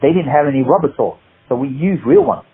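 A man in an interview, an animated storyteller who rambles through anecdotes over a tinny phone-like line. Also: a little high, brisk, gravelly, slightly rough. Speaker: guest, martial arts actor.

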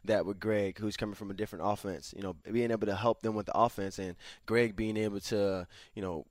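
A man's voice: fairly low pitch, fairly even intonation, fairly quick, no room sound. A young man in his twenties answering interview questions as a guest athlete, hesitant and full of fillers. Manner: hesitant, many fillers like "you know".

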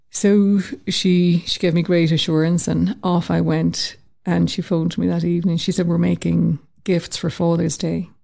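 A woman telling a personal story in an interview, lively and acting out the voices she quotes. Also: lowish voice, vocal fry. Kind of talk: conversational storytelling.

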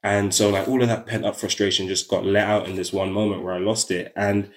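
A man's voice: on the low side, little pitch movement, brisk. A young man with a South London accent, a podcast guest telling a story in casual chat, full of fillers and slang.

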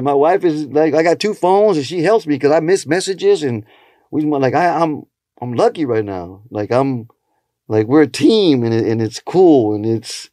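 A man's voice: expressive, moderate pace, warm tone, no room sound, studio quality. A comedian telling stories in casual chat, acting out the people he quotes. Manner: storytelling, acting out quotes with shifting pitch.

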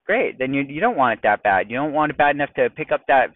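A man's voice: mid-range voice, animated, fast talker, dry recording. A man hosting a solo podcast as a coach, speaking bluntly and conversationally straight to the listener. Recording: tinny phone-like dry sound.

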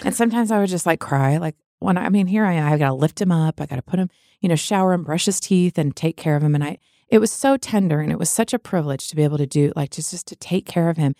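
A middle-aged woman with a low voice talks candidly in a podcast conversation. Her tone is reflective and open, and it rises sharply when she acts out other people's words. The sound is close and dry. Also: fast talker, mellow, dry recording. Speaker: guest.

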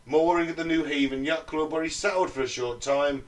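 A man's voice: on the high side, fairly quick, recorded from a distance, rough recording. Man telling a grim story. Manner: sweary, jokey, laughs mid-story. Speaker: podcast co-host. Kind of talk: casual storytelling to friends.

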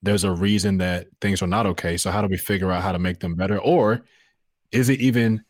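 Deep-voiced earnest man in his thirties. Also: steady tone, brisk, no echo, studio quality. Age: 30s. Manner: reflective, earnest, with many fillers and restarts. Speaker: voiceover artist and podcast guest. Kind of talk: casual podcast conversation.

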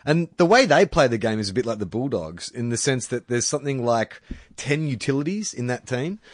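An Australian man co-hosts a sports podcast in easy casual chat, often laughing through his stories. His voice sits at an ordinary middle pitch. The sound is dry and close, with no room around it. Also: animated, fairly quick, no room sound. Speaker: podcast co-host.

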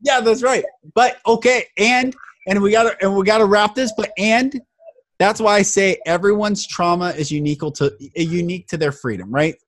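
A man hosting a podcast in casual conversation, telling stories in an animated, emphatic way. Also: high voice, moderate pace. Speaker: podcast host.

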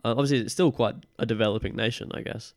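A man's voice: medium pitch, fast talker, no echo, clean studio sound. A young man from the UK with an accent between British and Australian, chatting casually as a podcast guest with lots of fillers. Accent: mix of British and Australian. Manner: relaxed, rambling, many fillers. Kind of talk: casual chat.

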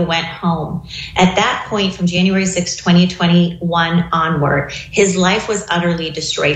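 A woman in an interview clip, recounting a case in a steady, matter-of-fact way. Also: on the low side. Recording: roomy echo with faint room noise.

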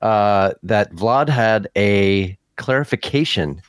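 A man's voice: fairly low pitch, lively intonation, takes it slowly, no echo. A man co-hosting a podcast, casually reading out listener comments with many uhs and little chuckles. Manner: easygoing, chuckling, hesitant with uh and um. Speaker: podcast co-host.

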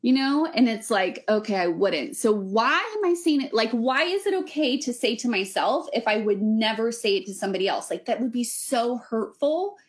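A woman's voice: fairly high pitch, lively intonation, normal speed, hardly any pauses. A young adult woman, a weightlifting coach, talking earnestly and rambling with lots of fillers in a casual podcast chat. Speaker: weightlifting coach running women's camps.

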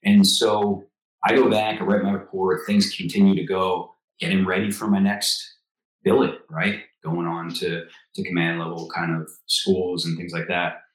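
A man in his forties with a deep, low voice, talking as an interview guest. He is a lively storyteller who keeps slipping into quoted dialogue. A roomy echo hangs on his voice. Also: normal speed. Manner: animated storyteller, acts out quotes. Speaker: guest, former Marine officer.

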